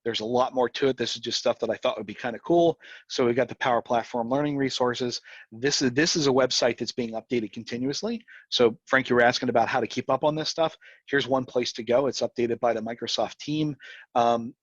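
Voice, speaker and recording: A man presenting a live software demo, talking fast and rambling, with frequent restarts. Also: mid-range voice, slightly rough, dry recording, highs cut off.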